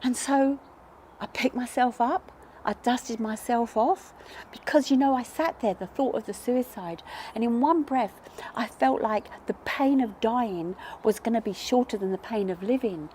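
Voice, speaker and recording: A woman speaks in a slightly high, mellow voice, telling her own story to camera. She is earnest and reflective and keeps asking herself questions as she goes. Her voice sits over a faint hiss. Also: unhurried. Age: adult parent. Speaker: numerology vlogger. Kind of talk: personal storytelling.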